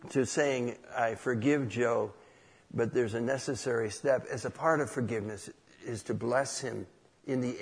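A man's voice: mid-range voice, vocal fry, slightly rough, big-room sound. A man preaching a conversational sermon, asking rhetorical questions and telling a personal story.

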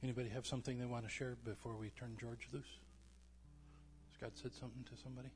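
Soft-spoken man leading a church service. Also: mid-range voice, little pitch movement, big-room sound, slight background noise. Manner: soft-spoken, gentle, pausing for quiet prayer.

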